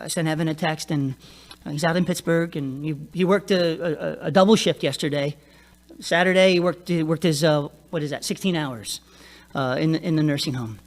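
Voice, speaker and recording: Man, pastor, sermon, high voice, casual and chatty, middle-aged. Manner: conversational, laughs often, frequent "right?" tag.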